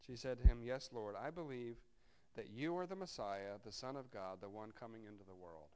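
A man's voice: medium pitch, moderate pace, a little mellow. A man preaching a sermon, reading scripture aloud and breaking off into wry, conversational asides to his congregation. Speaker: pastor.

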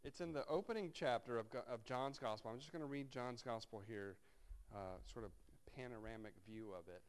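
A pastor preaches a sermon, reading scripture aloud and breaking into wry, conversational asides to his congregation. His mid-range voice is brisk and smooth.

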